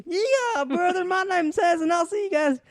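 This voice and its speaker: A man's voice: very high-pitched, lively intonation, normal speed, dry recording, clean studio sound, pitched above the performer's own voice. A man voicing a brash cowboy car-show announcer in a podcast goof. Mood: hammy.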